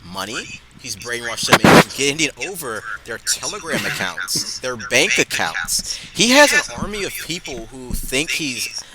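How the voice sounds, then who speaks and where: A man's voice: medium pitch, sing-song, measured pace, heavy background noise. A man co-hosting a casual podcast, ranting hotly with lots of swearing. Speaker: podcast co-host.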